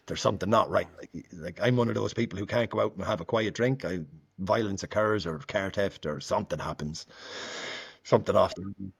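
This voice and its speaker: A man talks through his own recovery story in a relaxed interview. He is candid and conversational, peppering his speech with fillers and slipping into the voices of the people in his account. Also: lowish voice, husky. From Ireland. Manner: candid, frequent "like" fillers, acts out quoted dialogue. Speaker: guest sharing recovery story.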